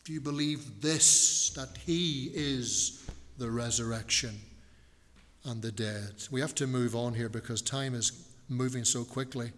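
Slow, emphatic preaching man in a hall. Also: mid-range voice, fairly bright tone. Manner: earnest, emphatic preaching with repetition and slowed stresses. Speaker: pastor. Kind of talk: sermon. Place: church.

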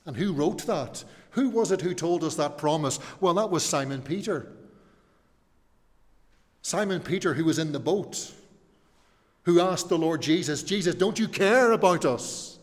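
Slow-speaking male pastor in a reverberant hall. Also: on the high side. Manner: earnest, rising to emphatic questions then dropping soft. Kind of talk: sermon. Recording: long reverb of a church hall.

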